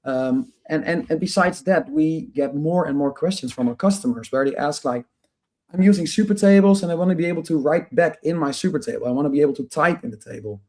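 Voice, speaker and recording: A man with a slightly raised pitch speaks as a guest over a video call, his voice a little hoarse from a cold. He keeps repeating words and restarting his sentences as he explains. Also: brisk, a little mellow. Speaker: guest, company founder. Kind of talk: casual interview talk.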